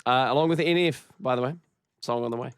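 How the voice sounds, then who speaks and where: A man's voice: medium pitch, fast, clear, resonant tone. A young man with a New Zealand accent, co-hosting a radio show in the studio and teasing his co-hosts in casual banter. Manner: teasing, dry. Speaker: radio host.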